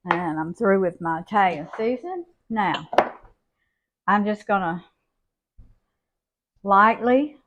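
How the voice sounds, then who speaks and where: An older woman, showing a home cooking recipe in a folksy, unhurried way from her kitchen. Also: medium pitch, animated, fairly bright tone. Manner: folksy, unhurried, homey talk. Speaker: cooking channel host.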